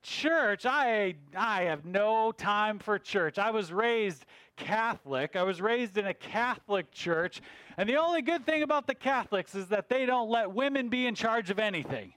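A man's voice: sits high, lively intonation, normal speed, fairly bright tone, dry recording. A man voicing a grumpy, people-hating male moth in a comic story, complaining in a whiny, indignant way. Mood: grumbling.

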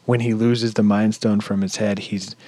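A man co-hosting a casual podcast, retelling a film in an excitable, profane rush. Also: on the low side, moderate pace, no echo. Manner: excitable, heavy swearing, lively storytelling. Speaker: podcast co-host. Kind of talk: casual movie review chat.

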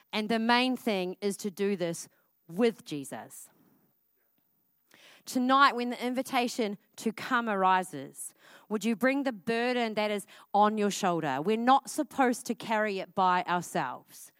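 A woman's voice: a little high, clean tone, no echo. Upbeat New woman preaching. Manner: casual and energetic, with frequent "like" fillers. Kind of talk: sermon. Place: church.

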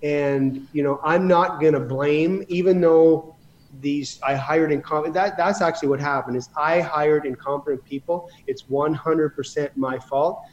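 A man's voice: a little high, measured pace, lo-fi sound. A man telling rambling stories about running his business in a casual interview, with many restarts. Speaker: guest.

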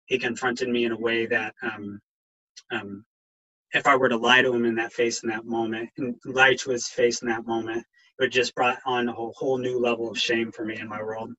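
A middle-aged man, a counselor and veteran, telling his recovery story with halting ums and a voice that catches with emotion. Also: medium pitch, level tone, pushed and bright, muffled recording.

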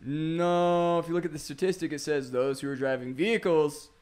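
A man's voice: a little high, fairly even intonation, normal speed, a little mellow, smooth. A man co-hosting a casual chat among friends, joking and laughing into his lines.

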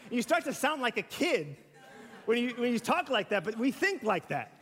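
A man's voice: very high-pitched, big pitch swings, normal speed, fairly bright tone, breathy edge. A man preaching a sermon in a conversational way, with rhetorical questions and acted-out everyday examples. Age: young adult to middle-aged. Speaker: pastor. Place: church sanctuary. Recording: hall reverb.

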